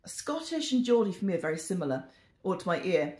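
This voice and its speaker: A woman's voice: fairly low pitch, sing-song, fast talker, dark tone. Chatty British woman in an echoey room. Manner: chatty, rambling, self-deprecating. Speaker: vlogger. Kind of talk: casual storytime chat. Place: indoors in a home.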